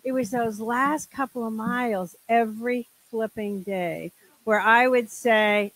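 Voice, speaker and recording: A woman's voice: fairly high pitch, a little slow, a bit bright, rough recording. An older woman at a group meeting, speaking candidly and with humor, tossing in exasperated asides while she shares a personal story into a handheld microphone. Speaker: group member sharing.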